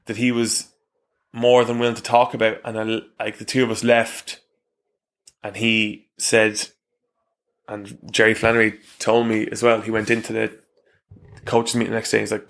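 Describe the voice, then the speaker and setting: This is a thirty-something rugby pro from Ireland being interviewed as a guest, chatting casually and recounting blunt stories peppered with swear words and laughs. His voice is lowish and a bit bright.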